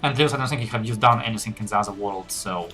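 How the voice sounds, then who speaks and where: A man's voice: on the low side, very fast, sharp tone, soft background music. A man narrating as game master in a casual tabletop game session, talking loosely with fillers as he thinks aloud.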